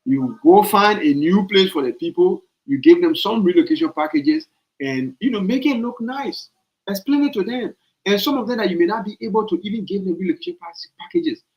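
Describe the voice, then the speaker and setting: A man's voice: a little fast, muffled recording. A man, hosting a political opinion podcast and pressing his points with emphatic repetition. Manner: swings from low, calm reading to loud, high-pitched urging. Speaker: podcast host. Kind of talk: political opinion commentary on a live stream.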